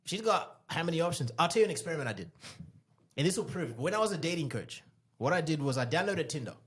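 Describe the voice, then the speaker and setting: A man co-hosting a podcast, a former dating coach giving animated advice, repeating key phrases for emphasis. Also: a little high, fast talker, breathy edge. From Australia.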